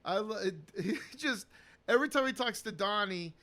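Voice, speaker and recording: Upbeat high-voiced podcast guy. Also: expressive, moderate pace, bright, forceful tone. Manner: enthusiastic, laughs often, acts out quotes. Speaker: podcast co-host. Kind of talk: casual movie chat. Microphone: podcast microphone.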